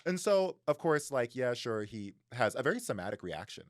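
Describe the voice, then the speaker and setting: A man co-hosting a casual book podcast, a sociologist who talks in a jokey, animated way full of fillers and acted quotes. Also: mid-range voice, normal speed, no echo, studio quality. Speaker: podcast co-host.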